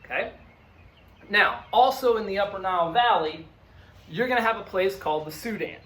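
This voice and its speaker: A man's voice: high voice, moderate pace, a bit bright. A male history teacher giving a conversational lecture, checking in often with "okay?" and "look". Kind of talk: classroom lecture.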